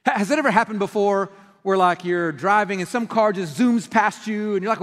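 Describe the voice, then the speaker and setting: Pastor, middle-aged man, chatty storytelling sermon with lively acted-out lines, higher voice, long church reverb. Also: a little fast. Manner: conversational storytelling with animated quoted outbursts. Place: church sanctuary.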